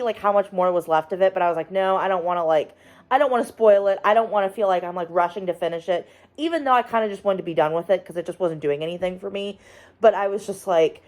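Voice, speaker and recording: A young woman vlogging in casual chat, rambling with many fillers and getting animated when she retells scary scenes. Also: mid-range voice. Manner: rambling, lots of "like" and "um".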